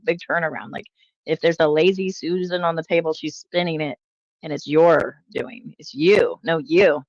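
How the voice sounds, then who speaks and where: A woman's voice: low-pitched, steady tone, moderate pace, dry recording, highs cut off. A woman hosting casual reaction commentary, rambling and exasperated, with frequent um and uh fillers. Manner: exasperated, critical. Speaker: commentary channel host.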